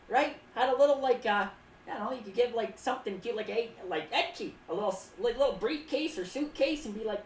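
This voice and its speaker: This clown streamer speaks briskly in a slightly high voice, rambling casually with playful asides, reading chat aloud, and often talking about herself in the third person. The distant mic gives a roomy, off-mic sound with a faint background hum.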